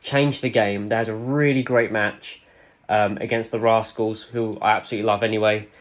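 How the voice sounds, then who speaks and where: A man co-hosting a casual podcast, talking in an excitable, rambling way with plenty of fillers. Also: fairly low pitch, normal speed. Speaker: podcast co-host. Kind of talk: casual wrestling podcast chat.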